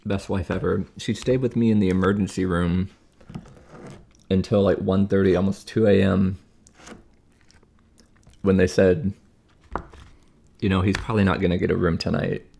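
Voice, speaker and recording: Low gravelly-voiced man telling a story. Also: level tone, moderate pace, long pauses, warm tone, slight background noise. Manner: chatty, exasperated retelling with acted-out quotes. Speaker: vlogger recovering from surgery. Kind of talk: casual storytelling while cooking.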